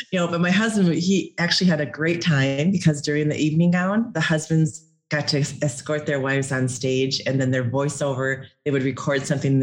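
A middle-aged Minnesota woman, appearing as a podcast guest, tells her story with lots of animation, laughing often and acting out what she said back then. Her voice is deep.

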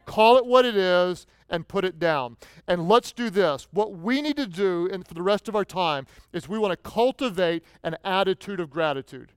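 A male pastor preaching an animated sermon, telling stories and prompting the congregation to repeat lines back. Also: sits high, moderate pace, few pauses, clear, resonant tone, no echo. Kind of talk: sermon with call-and-response.

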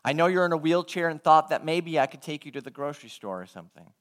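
A man's voice: on the high side, animated, quick pace, a bit bright. A man voicing another man who confronts a caller on the phone with pointed questions. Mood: gentle.

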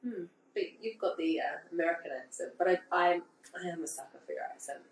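A woman from England chatting as a guest on a podcast, lively and playful. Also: on the low side, a little fast, vocal fry. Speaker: guest, boxer. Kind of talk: casual podcast chat. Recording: roomy, slightly distant, faint background noise.

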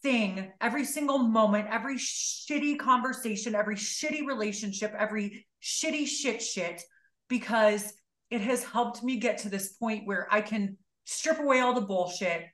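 A woman's voice: on the high side, normal speed, echoey room. A woman guest on a podcast, speaking candidly and bluntly, swearing freely and stressing her words. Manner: blunt, profane, emphatic. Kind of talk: candid conversational interview.

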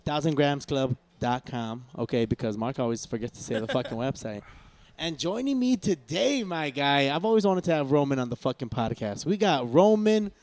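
A man's voice: medium pitch, lively intonation, normal speed, hardly any pauses, a little mellow. A young man hosting a casual podcast, loose, joking and profane as he talks with his guests. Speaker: podcast host.

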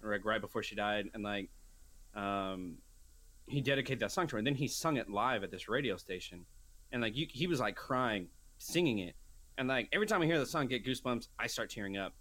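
Speaking fairly quickly in a low-leaning voice, a young man co-hosts a podcast and rambles casually through his stories. He gets animated, putting on voices whenever he quotes himself.

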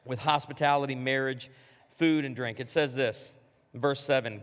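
A man preaching a sermon to a congregation, animated and emphatic, joking along the way. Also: medium pitch, normal speed, smooth, long reverb tail. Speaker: pastor.

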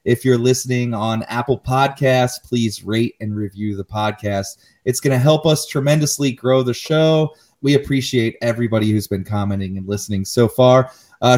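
A male podcast co-host talking in a casual, animated way. He rants with plenty of swearing, and his voice sits at a middling pitch for a man. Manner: animated ranting, swears freely. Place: Cincinnati area.

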